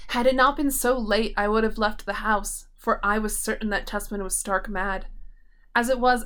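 A woman narrates an old-fashioned horror tale for an audiobook. Her delivery is measured and grave. Her pitch sits in a plain middle range for a woman. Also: fairly bright tone.

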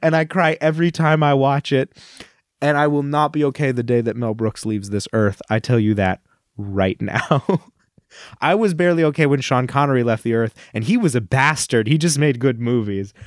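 A man's voice: medium pitch, normal speed, dry recording, clean studio sound. Emotional, rambling male podcast host. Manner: gushing, rambling with many fillers. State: tearful, choked up. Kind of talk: casual chat.

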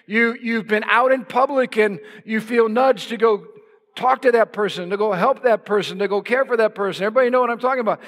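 A male pastor preaching a sermon with passion, building to shouts for emphasis. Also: high-pitched. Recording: long hall reverb.

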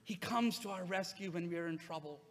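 A male pastor preaching a sermon in a relaxed, conversational way, with frequent "uh" fillers. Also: high voice, a little fast, in a large hall.

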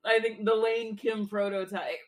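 A woman's voice: mid-range voice, steady tone, measured pace. A woman chatting casually about a film, laughing often and filling her talk with filler words.

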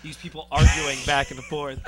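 A man's voice: on the high side, flat delivery, normal speed, music in the background. A man in casual podcast chat, brash and swearing as he tells stories with laughs. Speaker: guest co-host.

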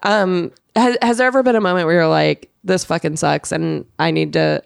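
A woman co-hosting a casual podcast chat, relaxed, asking questions and laughing along. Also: lowish voice, normal speed, creaky, clean tone, no room sound, clean studio sound.

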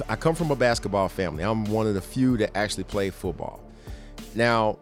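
A middle-aged podcast host tells a story casually and laughs often. He's animated, acting out the lines of the people in the story with a raised pitch.

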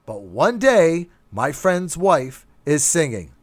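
A man's voice: on the high side, big pitch swings, slow pace, no echo. A man co-hosting a podcast in casual chat, telling rambling jokey stories. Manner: joking, rambling storyteller. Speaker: podcast co-host.

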